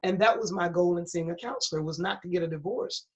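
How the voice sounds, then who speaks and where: A woman's voice: fairly low pitch, fast talker. A middle-aged woman pastor tells her own story in an interview, candid and earnest, with a preacher's emphasis. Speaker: pastor and guest. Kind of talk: personal testimony in an interview. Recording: dull lo-fi recording.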